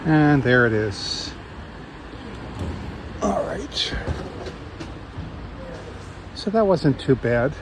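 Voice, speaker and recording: Slow-talking man walking a seaside street. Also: fairly high pitch. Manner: relaxed, thinking aloud while walking. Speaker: travel vlogger. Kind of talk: casual walking travel vlog. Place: outdoors on a city seaside street. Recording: outdoor street noise and traffic.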